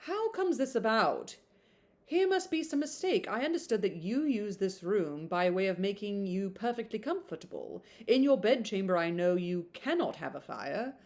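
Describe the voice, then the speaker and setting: A woman reading aloud, voicing a stern, formal older gentleman who reproves his niece. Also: mid-range voice, sing-song, normal speed. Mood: reproving.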